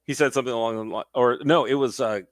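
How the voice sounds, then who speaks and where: A man's voice: medium pitch, fast talker, no echo, studio quality. A young man who laughs often and acts out movie scenes while chatting casually as a podcast co-host. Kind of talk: casual chat about movies.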